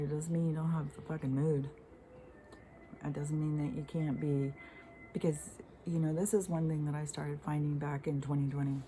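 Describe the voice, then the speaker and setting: Middle-aged woman, low and warm-toned, unscripted frustrated vlog rant, profane and rambling. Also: slight background noise, poor audio. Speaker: spiritual vlogger.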